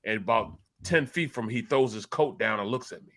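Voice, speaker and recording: A man's voice: medium pitch, a little fast, a bit bright. A man with a Philadelphia accent, co-hosting a casual sports talk show and telling a story with animation, repeating words as he gets worked up.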